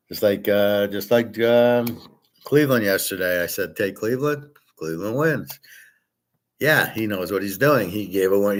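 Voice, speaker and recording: Blunt rambling man, low voice. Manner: blunt, rambling, swears, answers chat comments. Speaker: host. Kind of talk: casual livestream talk on betting and gold.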